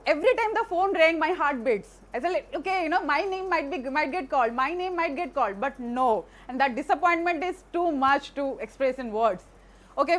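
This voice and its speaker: A woman's voice: high-pitched, fairly bright tone. A woman, earnestly telling a personal story to an audience, with frequent restarts and fillers.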